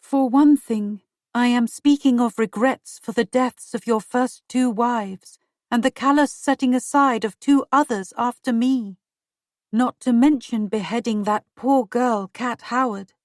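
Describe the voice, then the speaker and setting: A young woman posing as a dead queen's ghost drawls her words in a hushed, wispy way, as a female reader puts her on. The voice sits fairly high, and she speaks slowly and deliberately. The sound is close and dry. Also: no echo, lightly acted. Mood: accusing.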